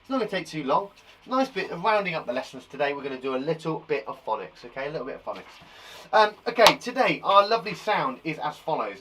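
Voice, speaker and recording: A man's voice: on the high side, a bit bright, a little hiss or hum, low-quality recording. A man teaching a live online lesson to young children, enthusiastic and encouraging as he praises their work. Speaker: primary school teacher. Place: garden shed.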